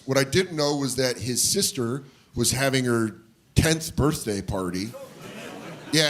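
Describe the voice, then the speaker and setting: A man doing stand-up, telling a story and acting out the people in it with big jumps in his voice. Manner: animated, acts out voices with big jumps in pitch. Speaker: stand-up comedian. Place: comedy club stage. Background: audience laughter.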